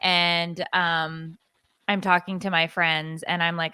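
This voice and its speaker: A woman in her forties co-hosts a podcast in a rambling, confessional way, with plenty of fillers. Her voice is bright and smooth, a little lower than most. The close mic sounds dry and dead. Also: little pitch movement, takes it slowly, no echo. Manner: rambling storyteller, lots of fillers. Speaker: podcast co-host. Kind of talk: casual confessional chat.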